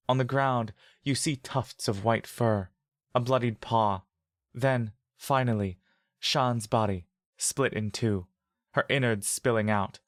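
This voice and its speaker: Man, story narrator, steady vivid delivery, mid-range voice, dry close mic. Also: medium pitch, dry recording. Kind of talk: scripted second-person story narration.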